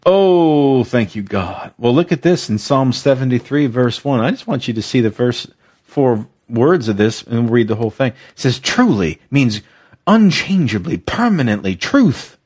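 A man's voice: mid-range voice, big pitch swings, measured pace, a little mellow, husky. A man preaching a devotional teaching, exuberant and emotional, leading listeners to repeat phrases after him. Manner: exuberant, emotional, leads call-and-response repetition. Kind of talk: devotional teaching, podcast-style.

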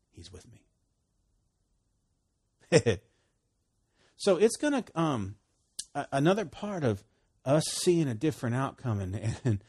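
A man preaching a conversational sermon, swinging between loud emphasis and hushed, quiet lines, with frequent laughs. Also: mid-range voice, gravelly, breathy edge.

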